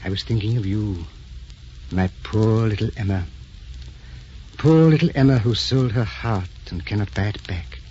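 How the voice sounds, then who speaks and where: A calm, wounded older husband. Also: male voice, on the low side, normal speed, long pauses, slightly rough. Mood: rueful. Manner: calm, rueful, restrained delivery. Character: Sir William Hamilton, composed, wounded older husband. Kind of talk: 1940s radio drama acting. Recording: muffled old radio broadcast with faint hiss.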